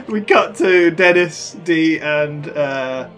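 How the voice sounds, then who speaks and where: A woman with a fairly low voice that swings widely as she talks, chatting casually on a reaction show. She laughs a lot and slips into the characters' lines as she retells a scene. Faint music plays behind her. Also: animated, very slow.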